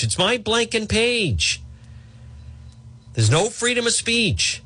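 A man's voice: extremely high pitch, sing-song, takes it slowly, bright, forceful tone, husky. A middle-aged man hosting a talk radio show, delivering a combative, sarcastic monologue. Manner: combative, sarcastic, mocking put-on voices.

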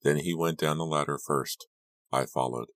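A man reading a teen horror audiobook aloud, narrating in the first person with a steady, measured pace. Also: a bass voice, no room sound, studio quality. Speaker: audiobook reader.

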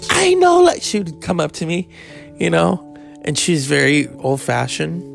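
A man telling a candid personal story in a rambling, casual way, swearing freely and adding animated asides. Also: fairly high pitch, a little slow, gravelly, faint music behind.

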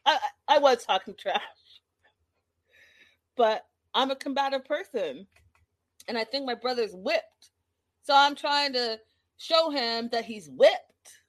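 A woman's voice: high voice, animated, slow, pauses often, voice pushed up. A woman putting on the voice of a brash, heckling grown man, stammering and boisterous. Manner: boisterous, stammering, laughing through the lines.

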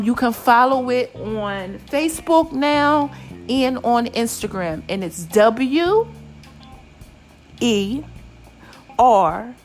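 Lively high-voiced woman podcast host. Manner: animated, preachy, addresses listeners as babies and y'all. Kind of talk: casual encouraging podcast talk.

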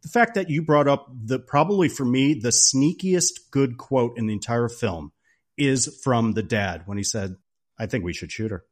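A man's voice: mid-range voice, lively intonation, normal speed. A man with a mid-range voice co-hosts a film podcast. He is enthusiastic and playful, adding little asides. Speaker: podcast co-host. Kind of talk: casual podcast film discussion.

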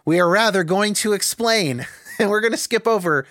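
A man's voice: high-pitched, moderate pace, a bit bright, no room sound, clean studio sound. A man hosting a podcast, talking candidly and reflectively, thinking aloud with restarts and the odd swear word. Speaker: podcast host.

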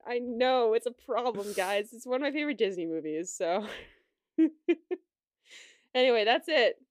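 A woman's voice: fairly high pitch, expressive, moderate pace, dry recording. Giggly woman recapping a cartoon, dry mic. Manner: chatty and giggly, full of fillers and restarts. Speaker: podcast co-host. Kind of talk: casual episode recap chat.

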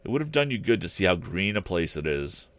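A man's voice: sits low, sing-song, brisk, dry recording. A man voicing a heartbroken, kindly Victorian father in a storybook reading. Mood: grieving. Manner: warm, breaking with grief.

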